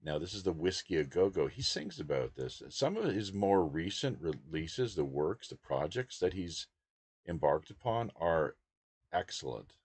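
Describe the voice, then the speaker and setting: A man hosting a podcast, chatting casually and rambling about music, often trailing off quietly. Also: sits low, big pitch swings, a little slow, husky, no echo. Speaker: podcast host.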